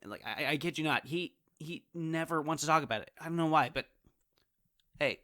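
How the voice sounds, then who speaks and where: A man's voice: on the high side, a little fast, pushed and bright, no echo, clean studio sound. A man hosting a comedic in-character podcast, rambling and often breaking into laughter. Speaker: podcast host.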